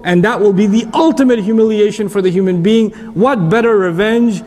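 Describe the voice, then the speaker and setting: A man's voice: high-pitched, a little fast, darkish tone. A man giving a religious lecture as an Islamic speaker, emphatic, repeating key phrases and asking rhetorical questions.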